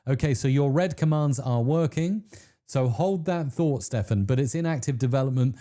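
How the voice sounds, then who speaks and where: A man hosting a live stream, chatting to viewers with bursts of excitement and frequent laughter. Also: normal speed. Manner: excitable, laughs often, pitch jumps when thrilled. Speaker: livestream host.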